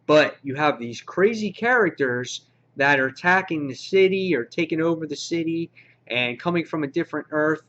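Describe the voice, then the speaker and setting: Guy doing a comic review, hyped and slangy, kinda high voice, muffled lo-fi sound. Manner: excitable and slangy, acts out his own gasps. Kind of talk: casual spoken review. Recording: dull lo-fi recording.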